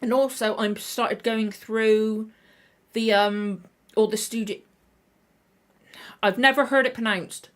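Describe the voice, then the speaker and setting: A woman's voice: fairly high pitch, steady tone, slow pace, pauses often, fairly bright tone. A tired woman with a slightly tender throat, hosting a casual livestream chat and rambling with frequent self-corrections. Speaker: reaction channel host.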